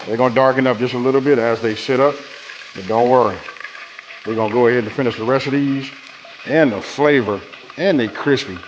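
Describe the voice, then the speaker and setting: Male cooking-show host, relaxed and chatty, mid-range voice, casual demo delivery. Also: medium pitch, a little fast, dull audio, background noise. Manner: laid-back, talks straight to viewers with lots of "right?".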